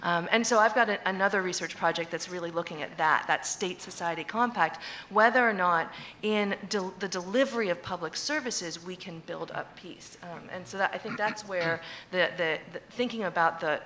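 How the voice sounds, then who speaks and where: Female academic panelist; low-set, bright tone, restarts often, faint hiss behind. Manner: thoughtful, many restarts and "right?" checks. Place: conference hall.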